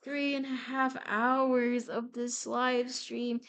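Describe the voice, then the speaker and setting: A young adult woman chatting casually on a live stream while she draws, playful and rambling, with sudden bursts of excitement. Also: on the high side, slow, smooth.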